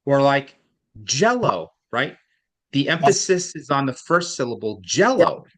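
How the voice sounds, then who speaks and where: A man's voice: medium pitch, expressive, normal speed, fairly bright tone. A man tutoring a student in reading, explaining patiently and at length, with frequent restarts. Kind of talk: one-on-one online tutoring.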